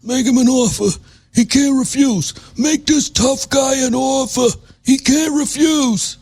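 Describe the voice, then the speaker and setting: A man putting on a high, taunting voice to mock a tough guy. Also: measured pace, darkish tone, husky, soft background music, full character voice.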